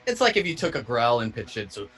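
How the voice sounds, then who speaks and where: A man's voice: medium pitch, big pitch swings, fast talker, loud music behind the voice. A man on a casual podcast among friends, talking loosely about scream singing, swearing and rambling with many restarts. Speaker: podcast co-host explaining scream vocals.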